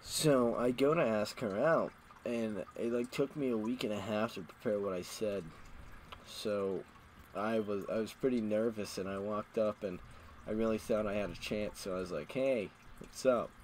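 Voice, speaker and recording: A man's voice: on the low side, steady tone, moderate pace, slight background noise, rough recording. A man streaming a game, rambling through crude, self-mocking stories in a casual storytelling way. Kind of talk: casual storytelling while gaming.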